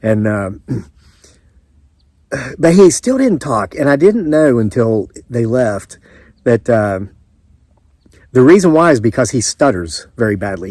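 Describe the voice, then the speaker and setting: Speaking with a Southern US accent, this man has a mid-range, slightly mellow voice and no room sound. He's a homesteading vlogger chatting to camera, rambling through stories with lots of asides and restarts.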